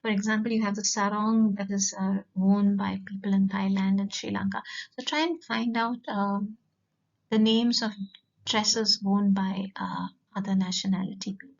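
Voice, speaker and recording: A woman, a French teacher giving a recorded lesson and patiently repeating words slowly. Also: mid-range voice, fairly even intonation, creaky. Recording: dull lo-fi recording.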